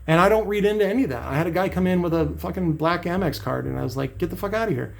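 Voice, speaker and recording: Profane gravelly man ranting. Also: sits high, fast. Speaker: channel host. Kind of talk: angry vlog rant.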